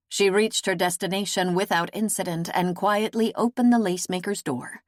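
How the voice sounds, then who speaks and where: A woman narrating an audiobook in a slow, even storytelling manner. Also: on the low side, no echo, clean studio sound. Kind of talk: scripted narration.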